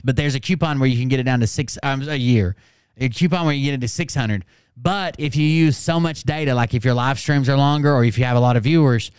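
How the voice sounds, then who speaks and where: A man's voice: medium pitch, clear, resonant tone, no echo, studio quality. A man hosting a live stream, chatting casually and rambling with lots of fillers. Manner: rambling, filler-heavy, offhand.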